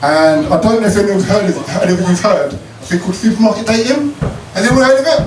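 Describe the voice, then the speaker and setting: A man's voice: sits high, quick pace. A man from Croydon doing a cheeky stand-up routine and getting the crowd to call back the punchline. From Croydon, South London. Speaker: stand-up comedian. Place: comedy club stage with a live audience. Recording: roomy live club sound, distant mic, noisy.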